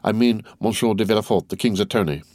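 A man voicing a kindly doctor in a read-aloud story, speaking in a gentle, earnest way. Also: on the low side, quick pace, no echo, lightly acted.

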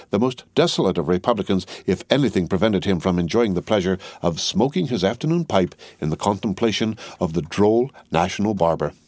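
Low-voiced man reading an audiobook. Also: a little mellow, no room sound. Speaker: audiobook narrator. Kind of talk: scripted narration.

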